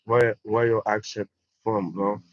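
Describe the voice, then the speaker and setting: A man's voice: on the low side, level tone, a little slow, no room sound. Emphatic French-accented man, dull dry audio. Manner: emphatic, repetitive, addresses viewers as guys. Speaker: livestream host. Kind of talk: motivational livestream talk.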